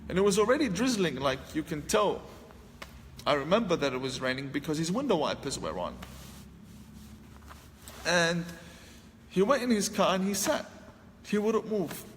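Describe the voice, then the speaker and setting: A man with a fairly high voice tells a personal story in an animated way, throwing his voice up when he acts out what he once said. The sound carries a long hall reverb with faint ambient noise behind him. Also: normal speed, long pauses. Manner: animated, acts out his own past lines with raised voice. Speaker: speaker telling a personal story. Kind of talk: storytelling talk.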